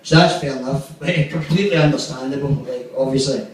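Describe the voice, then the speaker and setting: A man's voice: mid-range voice, fairly quick, slight background noise. A young man doing stand-up, telling a rambling, sweary story and acting out the quotes. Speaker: stand-up comedian. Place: comedy club stage. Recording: echoey room from far off.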